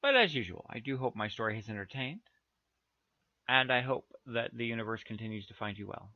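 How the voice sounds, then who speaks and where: A man's voice: mid-range voice, lively intonation, brisk, sharp tone, no room sound. A man reading a children's story aloud with playful asides to his listeners. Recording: dull, dry lo-fi recording.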